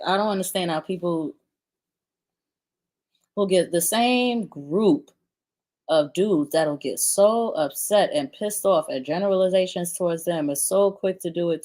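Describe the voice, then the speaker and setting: Lower-pitched woman, cussing and sarcastic, reacting to a clip. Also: measured pace, mellow. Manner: blunt, profane, sarcastic. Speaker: commentary host. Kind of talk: reaction commentary.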